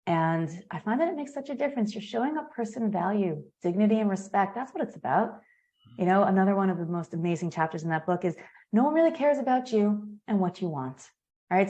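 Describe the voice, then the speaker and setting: An American woman talking as a guest in a podcast interview, energetic and emphatic, acting out quoted sales pitches as she explains. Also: fairly quick. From United States. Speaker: guest, marketing consultant.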